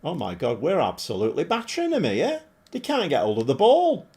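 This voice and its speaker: A middle-aged man commentating live on his football management game, animated and often shouting at his players. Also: on the high side, a little fast. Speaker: game streamer.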